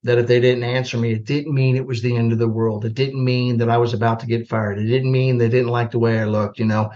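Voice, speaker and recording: Animated older man telling army stories. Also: medium pitch, quick pace. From United States. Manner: animated, self-deprecating, acts out dialogue. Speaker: podcast guest, retired army general. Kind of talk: storytelling in a podcast interview. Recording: slightly dull lo-fi podcast audio.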